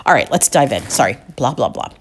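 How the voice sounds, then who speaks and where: A woman's voice: rumbling low, very animated, quick pace, breathy edge. A woman around fifty, hosting a podcast, reads old newspaper clippings aloud and breaks in with wry, chatty comments. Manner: wry, chatty asides between read passages. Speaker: podcast host.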